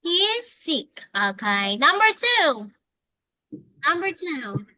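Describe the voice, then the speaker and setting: Woman teacher, bright high voice, dry close sound, unhurried coaxing delivery for a kid's lesson. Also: sing-song, no room sound, rough recording. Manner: patient, coaxing, repeats prompts. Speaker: English teacher. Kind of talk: one-on-one lesson with a child.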